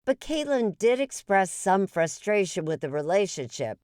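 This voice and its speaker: A woman correspondent narrating a true-crime report and asking interview questions in a measured, deliberate way. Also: mid-range voice, big pitch swings, a little mellow, no echo, clean studio sound.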